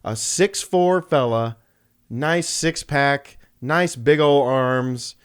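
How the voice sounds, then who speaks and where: A man's voice: medium pitch, extremely slow, clean tone. A young man co-hosting a podcast, joking around and laughing often as he riffs on made-up scenarios in casual chat. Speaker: podcast co-host.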